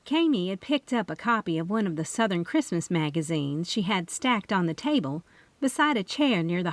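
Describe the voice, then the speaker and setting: A woman reading a first-person mystery audiobook with expressive, lively narration. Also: fairly low pitch, dry recording.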